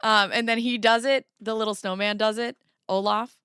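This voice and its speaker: Brief: chatty streamer woman, crisp and bright, dry close sound, reads filings and laughs with chat. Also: fairly high pitch, fairly even intonation, moderate pace, no room sound. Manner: giggly, chatty, talks to chat. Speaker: livestream host. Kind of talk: casual livestream commentary, reading documents aloud.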